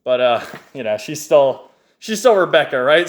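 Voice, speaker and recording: A man's voice: mid-range voice, sing-song, moderate pace. A man casually recapping a comic book page by page, enthusiastic and rambling, chuckling often. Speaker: manga reviewer.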